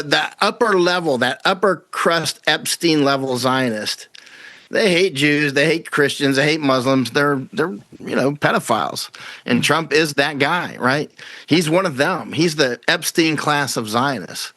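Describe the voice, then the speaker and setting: A man's voice: fairly high pitch, measured pace, sharp tone, no echo. A man speaking as a guest commentator in a casual interview, rambling and repeating words as he acts out quoted voices.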